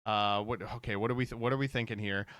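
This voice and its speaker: A male streamer rambles through casual reaction commentary, cursing freely and laughing often. His voice is smooth and resonant. The sound is close and dry, with no room echo. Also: lowish voice, steady tone, fast talker, a bit bright.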